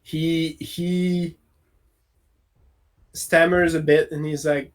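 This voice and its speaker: A game master narrating a tabletop game in an unhurried, hesitant way. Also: medium pitch, little pitch movement.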